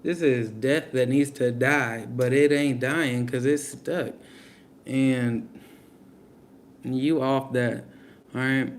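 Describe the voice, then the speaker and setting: A man's voice: medium pitch, steady tone, slow pace, long pauses, a little hiss or hum. A young man giving a casual live tarot reading, blunt and slangy, talking straight to his viewers. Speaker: tarot reader.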